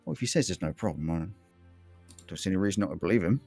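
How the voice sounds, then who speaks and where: A man's voice: low-pitched, expressive, rapid-fire, darkish tone, soft background music. A man voicing a wary male bystander who speaks in a cautious, resigned way.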